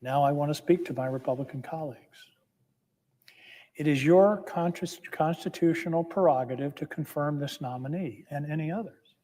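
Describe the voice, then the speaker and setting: A man's voice: a little high, moderate pace, mellow. A man giving a formal, impassioned floor speech as a senator, emphatic and building with repeated phrases. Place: legislative chamber. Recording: long reverb of a large chamber.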